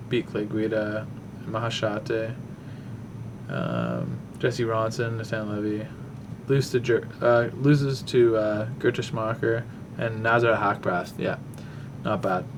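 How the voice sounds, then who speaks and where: A man's voice: fairly low pitch, gravelly, noisy background. A man hosting a casual talk show, rambling through a fight breakdown while thinking aloud with many fillers. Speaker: podcast host.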